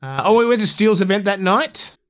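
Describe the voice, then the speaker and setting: Male co-host; chatty, animated storyteller who voices the people he quotes. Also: high voice, fast talker. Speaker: podcast co-host. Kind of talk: casual chat, storytelling.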